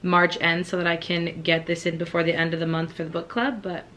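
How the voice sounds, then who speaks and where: A woman's voice: lowish voice, little pitch movement, brisk, fairly bright tone. A woman book vlogger chatting casually and rambling, with lots of "like" fillers.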